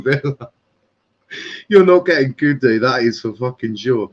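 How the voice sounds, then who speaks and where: A man's voice: medium pitch, expressive, unhurried, long pauses, lo-fi sound. A man hosting a casual football transfer live stream, laughing often and swearing sarcastically.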